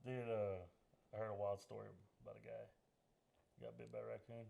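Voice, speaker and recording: A man's voice: lowish voice, level tone, brisk, vocal fry, dark tone. A young man hosting a comedy podcast, bantering casually with jokes and lots of swearing. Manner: joking, profane banter.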